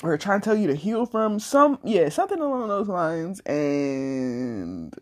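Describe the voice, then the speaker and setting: Young woman, low voice, solo podcast host; frank, profane, meandering. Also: sing-song, measured pace. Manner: candid, profane and rambling. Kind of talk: casual solo podcast monologue.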